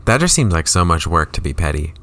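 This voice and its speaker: A man's voice: low voice, very animated, quick pace, a bit bright, no echo. A man co-hosting a comedy podcast in casual chat, tossing in wry asides and questions.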